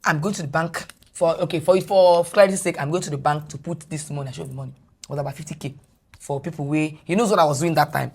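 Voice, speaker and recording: Nigerian woman, husky low-ish voice, tells her story all animated, flips into pidgin. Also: fast talker. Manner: animated retelling that slips between English and Pidgin. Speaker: guest. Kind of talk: personal storytelling in a podcast interview.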